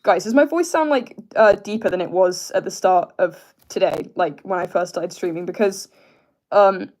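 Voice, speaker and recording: A young man with a British accent, chatting casually on a live stream and answering viewers, hesitant with many fillers as he tries to keep his voice low. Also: darkish tone. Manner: hesitant, filler-heavy, deliberately lowering his pitch.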